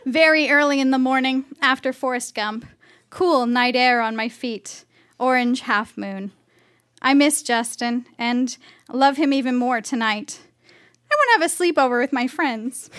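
A woman's voice: sits high, unhurried, fairly bright tone. A woman on stage reading her dreamy teenage diary entries aloud, with wry timing.

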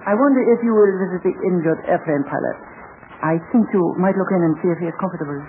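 A formal military general, commanding and measured, his voice sitting high. It crackles through a tinny old radio recording under clear hiss. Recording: scratchy 1940s radio broadcast with hiss.

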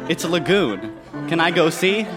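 A man voicing an excited, easily scared young boy in a storybook read aloud on stage. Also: a little high, normal speed, music in the background, voice pushed up. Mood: eager.

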